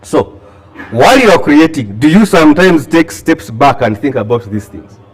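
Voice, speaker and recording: A man with a Ugandan English accent, a scriptwriter giving a lively talk to an audience, asking them questions and acting out bits of dialogue. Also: on the high side, moderate pace. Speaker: scriptwriter and workshop speaker.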